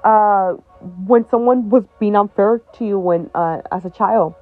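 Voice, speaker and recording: A woman's voice: medium pitch, a little slow, dry recording, faint music behind. Tinny-sounding young woman talking bluntly. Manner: blunt, swears often, laughs between heavy points. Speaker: podcast host. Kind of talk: candid personal talk. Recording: dry, tinny phone-like sound.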